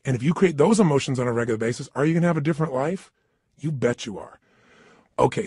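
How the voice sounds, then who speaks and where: Guy doing a motivational talk, super husky, dry close sound, keeps firing off questions. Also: fairly high pitch, darkish tone, dry recording. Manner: emphatic, asks rhetorical questions, acts out inner voices. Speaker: motivational speaker.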